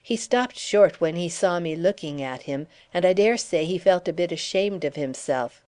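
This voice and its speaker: A woman reading a classic story aloud as an audiobook narrator, in a steady storytelling manner. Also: lowish voice, moderate pace. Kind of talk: scripted narration.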